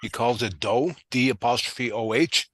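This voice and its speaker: A man from the United States with a bright, forceful voice chats on a stream with a dry, close sound. He is helpful and easygoing as he explains things. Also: medium pitch, normal speed, dry recording. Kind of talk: casual online chat.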